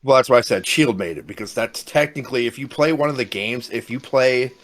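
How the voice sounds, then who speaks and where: A man co-hosting a podcast, retelling movie scenes in a rambling, animated way with casual swearing. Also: mid-range voice, fairly quick. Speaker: podcast co-host.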